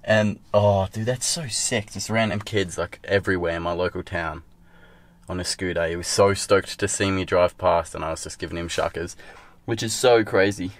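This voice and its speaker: A man's voice: low-pitched, steady tone, normal speed. A young man with an Australian accent, talking casually to his camera at home and at a skate park, swearing freely and rambling. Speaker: vlogger and scooter rider. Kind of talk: casual vlog talk.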